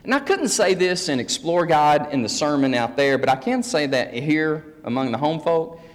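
A man's voice: on the high side, lively intonation, moderate pace. A man preaching a folksy teaching sermon, joking with his congregation. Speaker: pastor. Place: church sanctuary. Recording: long hall reverb.

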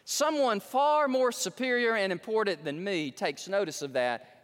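A man preaching a sermon as pastor in a large church, folksy and excitable, often restarting his words. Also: sits high, moderate pace, few pauses, clean tone, in a large hall.

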